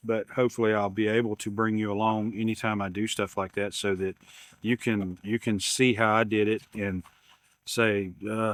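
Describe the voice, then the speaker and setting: A man's voice: fairly low pitch, fairly even intonation, moderate pace, no room sound, studio quality. A man, rambling casually as he unboxes gear at his workshop bench. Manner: rambling, repeats words, self-deprecating humor. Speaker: YouTube maker unboxing camera gear.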